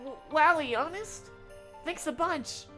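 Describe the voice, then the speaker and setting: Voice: unhurried, sharp tone, faint music behind. Wormmon, a baby-voiced bug. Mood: overjoyed. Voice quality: very high-pitched childlike squeal. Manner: bouncy and overjoyed. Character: cheerful clumsy baby-voiced male bug creature. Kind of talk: video game dialogue read aloud on a live stream.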